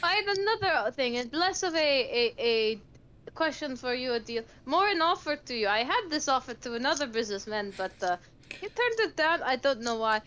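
A woman's voice: high voice, big pitch swings, normal speed, fairly bright tone, smooth. Eager woman player, rambling in character. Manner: eager, rambling, restarts often. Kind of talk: tabletop role-play in character.

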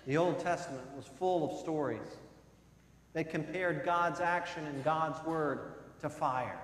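A male pastor preaching a sermon, swinging between loud emphasis and soft, low passages. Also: takes it slowly, pauses often. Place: church sanctuary. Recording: echoey church hall with long reverb.

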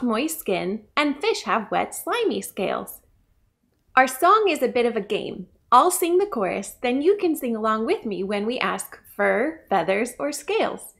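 A woman's voice: on the high side, gravelly. A woman telling a story to children at a library story time, speaking to them directly. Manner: bright, animated, addresses children.

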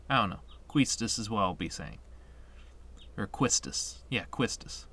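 A man's voice: medium pitch, very animated, normal speed, sharp tone. A man casually commenting during a video game playthrough, chatty and nostalgic, with frequent fillers. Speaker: let's play host.

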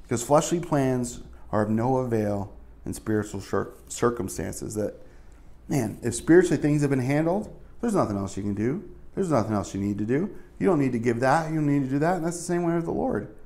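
A man's voice: mid-range voice, expressive, a little fast, darkish tone. A male pastor giving a casual, conversational sermon, full of asides and fillers.

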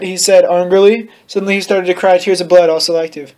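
A man's voice: sits high, fast talker, hardly any pauses. A man reading a bad story aloud for comedy, playful and breaking into laughter. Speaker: comedic reader. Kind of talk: mocking dramatic reading.

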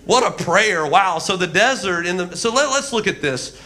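Man, pastor, animated sermon, high-pitched, bright voice, acts out the voices in his stories. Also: moderate pace, gravelly. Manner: animated storytelling, acting out voices. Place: church.

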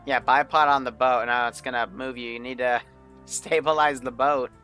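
A man's voice: mid-range voice, fairly even intonation, normal speed, bright, forceful tone, faint music behind. A man running a multiplayer military game on a livestream, talking casually and bossing players around with plenty of swearing. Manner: brash, profane, bossy toward players.

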